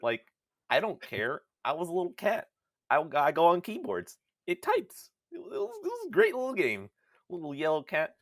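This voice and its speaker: A young man co-hosting a podcast in casual chat, animated and swearing freely, acting out voices as he tells stories. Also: mid-range voice, no room sound, clean studio sound. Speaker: podcast co-host.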